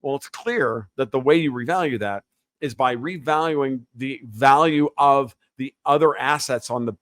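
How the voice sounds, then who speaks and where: A man appears as a podcast guest, speaking at medium pitch in a dry recording. His interview talk is a heated, opinionated rant, profane and sarcastic.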